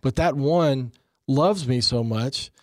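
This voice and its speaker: A man's voice: medium pitch, slow, a little mellow, dry recording, clean studio sound. A man in his forties, earnest and reflective, talking about faith in a conversation and often repeating words as he starts.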